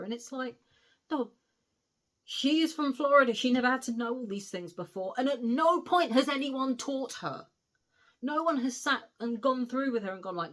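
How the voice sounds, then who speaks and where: A woman's voice: fairly high pitch, expressive, moderate pace, a bit bright. A woman giving a casual spoken book review, recounting the plot in a chatty way with frequent asides.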